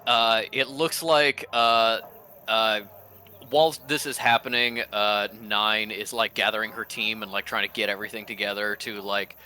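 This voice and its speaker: A man's voice: lowish voice, pushed and bright. A man running a tabletop game as game master, narrating with many hesitant fillers.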